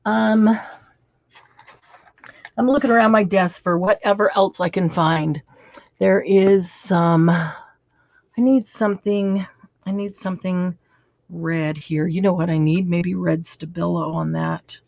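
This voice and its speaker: A woman's voice: lowish voice, fairly even intonation, slow pace, gravelly, pauses often, a little mellow, dry recording, muffled recording. A woman hosting a casual craft stream, chatting and half-singing while she works. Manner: chatty, hums and half-sings a nursery tune. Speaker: craft show host.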